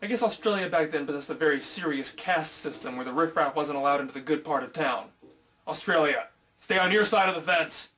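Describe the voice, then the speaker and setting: A man from the United States running a jokey film review, his voice pitched high for a man. He delivers his lines with dry sarcasm and pokes fun at himself. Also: a little fast, sharp tone. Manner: sarcastic, self-mocking. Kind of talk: comedic video review.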